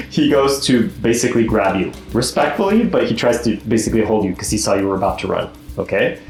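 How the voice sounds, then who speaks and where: A man's voice: fairly low pitch, sing-song, brisk, a little mellow. A man narrating as game master of a tabletop game, easygoing, laughing often and explaining the rules patiently. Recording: echoey room with faint music.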